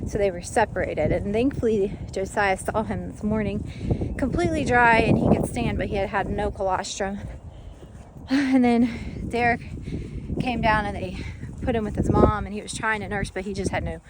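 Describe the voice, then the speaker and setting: A woman's voice: medium pitch, moderate pace, heavy background noise. A woman chatting casually as she vlogs from her farm, rambling with lots of fillers, without a clip-on mic. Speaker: homesteader vlogger. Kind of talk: casual vlog chat. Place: farm outdoors. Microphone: camera mic, no lapel.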